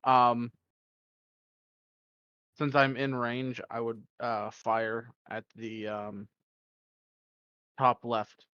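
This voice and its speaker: A man's voice: medium pitch, little pitch movement, very slow, pauses often, fairly bright tone, clear, resonant tone, dry recording. Unsure gamer man, dry lo-fi sound. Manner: unsure, asks about the rules. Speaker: player. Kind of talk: casual tabletop play over voice chat.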